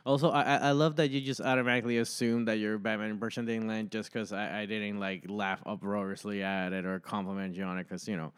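A man's voice: lowish voice, level tone, quick pace, hardly any pauses, clear, resonant tone. A man co-hosting a podcast, chatting casually about movies, teasing his partner and correcting details. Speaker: podcast co-host.

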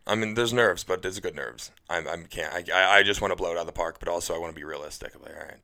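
Young man, very low gravelly voice, bright edge, rambling and excitable, podcast chat. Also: very fast. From Cleveland area, US. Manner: excitable, rambling, repeats words. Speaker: comedian guest.

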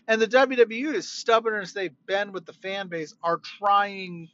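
High-voiced man ranting in his car. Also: unhurried, no room sound, muffled recording. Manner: animated, emphatic, conversational. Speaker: podcast host. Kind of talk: casual wrestling opinion rant. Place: car, driving home.

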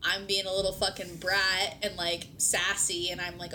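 A woman's voice: little pitch movement, normal speed, bright, forceful tone. A woman hosting a podcast, chatting casually with her partner, filling her speech with "like" and swearing now and then. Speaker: podcast host. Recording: noisy recording with low rumble.

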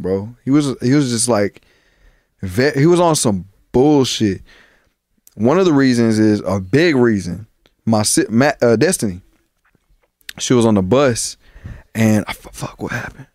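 A man's voice: mid-range voice, lively intonation, a little slow, long pauses, darkish tone, no echo, clean studio sound. A young man co-hosting a podcast, telling long profane stories from childhood in a rambling, casual way. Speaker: podcast co-host. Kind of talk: casual chat.

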